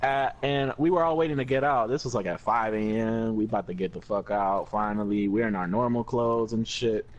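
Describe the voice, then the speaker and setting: A young man telling a story in a casual, animated way, full of slang and swearing and laughing often. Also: fairly low pitch, fairly quick, hardly any pauses.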